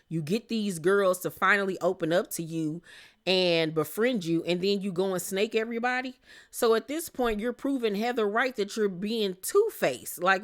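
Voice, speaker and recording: Sassy woman recapping reality TV. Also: fairly low pitch. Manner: sassy, animated, laughs and exclaims. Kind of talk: casual recap commentary.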